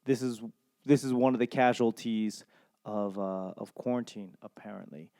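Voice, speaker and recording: He has a fairly low, dark voice at a moderate pace. A young stand-up from Boston, USA, he hosts his own podcast, rambling loosely, dropping frequent swears, and forgetting where he was going.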